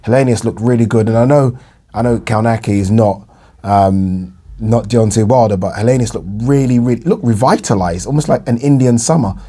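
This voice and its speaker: A young English man vlogging about boxing talks briskly in a mid-range, dark voice with a breathy edge. Alone on camera, he offers casual, rambling commentary on boxing news, full of fillers and repeated phrases.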